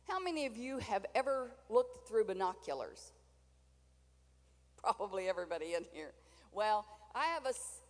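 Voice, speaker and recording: A woman's voice: medium pitch, big-room sound. An older woman preaching a sermon in a chatty, folksy way, with asides to the congregation.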